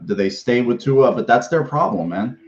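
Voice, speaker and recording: A man's voice: mid-range voice, animated, moderate pace, a little mellow, muffled recording. A man hosting a fan sports podcast in a casual, rambling way, swearing freely and restarting his sentences often. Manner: rambling, profane, with many restarts and fillers.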